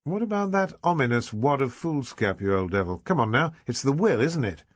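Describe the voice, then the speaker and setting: A man voicing a brisk, bantering male chief inspector in an audiobook. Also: medium pitch, sing-song, dry recording, pitched above the performer's own voice.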